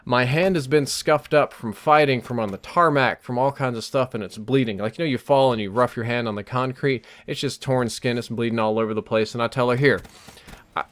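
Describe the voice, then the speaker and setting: A man's voice: medium pitch, fairly quick, hardly any pauses. Man telling a dream story. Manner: animated, breathless storytelling with restarts. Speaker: gaming YouTuber. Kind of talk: dream story told over gameplay.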